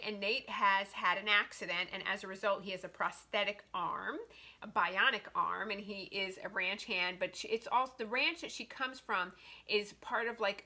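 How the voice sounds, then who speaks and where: At a medium pitch and normal pace, a woman chats animatedly about a romance novel for her casual book vlog, filling the gaps between ideas with lots of "like."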